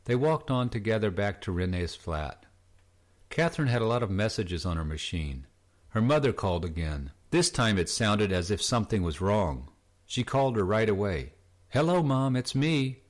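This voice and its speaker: Deep-voiced man reading a novel. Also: animated, moderate pace. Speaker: audiobook narrator. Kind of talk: scripted narration.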